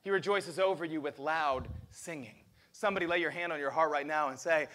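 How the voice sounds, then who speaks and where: A man preaching a lively sermon as pastor, asking the congregation questions. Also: fairly high pitch, a little fast.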